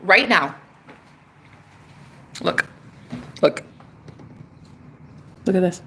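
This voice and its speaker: A woman telling a story casually on a vlog, excitable and profane, talking outdoors on a porch. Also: on the low side, drawn-out words, gravelly, a little hiss or hum. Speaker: spiritual vlogger.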